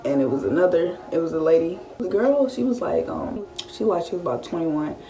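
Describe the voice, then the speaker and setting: A woman in her late teens, telling a story-time vlog in a casual, animated style. She swears freely and often acts out what she was thinking. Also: fairly low pitch, brisk, far from the mic, over music. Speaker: vlogger.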